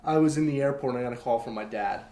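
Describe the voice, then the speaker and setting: A man's voice: mid-range voice, very fast, crowd noise. Candid young man, echoey room. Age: young adult. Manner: candid, rambling, heavy with fillers. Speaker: podcast guest. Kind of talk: personal storytelling in conversation. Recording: roomy echo, faint background noise.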